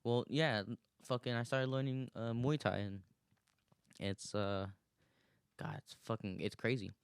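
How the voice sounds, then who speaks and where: A man's voice: medium pitch, fairly even intonation, unhurried, clean tone, dry recording, clean studio sound. A man in his twenties hosting a podcast alone, rambling casually, swearing a lot and laughing often. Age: 20s. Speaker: podcast host. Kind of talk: casual solo monologue.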